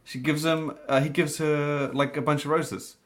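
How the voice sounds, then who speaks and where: A man's voice: a little high, flat delivery, normal speed, fairly bright tone. A man in casual chat, telling a travel anecdote in a rambling, laid-back way with many fillers.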